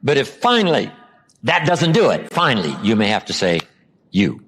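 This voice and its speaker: A man from the United States giving a motivational seminar talk, acting out quoted lines and dropping his voice low for emphasis. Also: wildly swooping pitch, brisk, fairly bright tone, slight background noise. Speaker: motivational speaker.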